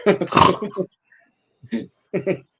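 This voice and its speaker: A man's voice: high voice, drawn-out words, creaky, very noisy. A man in his fifties chatting on a live show, telling jokes and laughing a lot. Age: 50s. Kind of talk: casual live chat. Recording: dull lo-fi sound.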